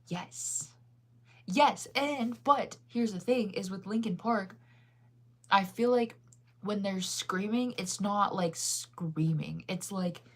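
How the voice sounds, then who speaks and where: A chatty young woman talks casually to her stream, reading comments aloud and laughing often. Her voice sits a little low for a woman. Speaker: livestreamer.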